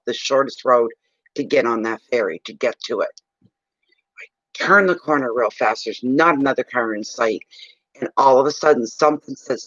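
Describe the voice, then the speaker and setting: A man's voice: medium pitch, no echo, dull audio. Chatty man from eastern Canada telling a story. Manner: animated, rambling, chuckling storyteller. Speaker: psychic reader telling a story. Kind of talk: casual storytelling on a livestream.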